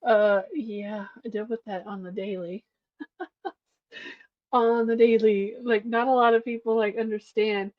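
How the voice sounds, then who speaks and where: A woman co-hosting a casual podcast who talks softly and reads through a list, relating each point to herself. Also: a little high, fairly even intonation, measured pace, no room sound, lo-fi sound. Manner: soft-spoken, reads points then relates them to herself. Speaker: podcast co-host. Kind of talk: casual chat, reading a list aloud.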